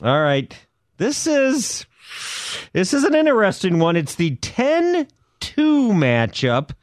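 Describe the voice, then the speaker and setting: Slow, sing-song male co-host. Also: high-pitched, huge pitch swings, no echo, clean studio sound. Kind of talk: joking radio banter.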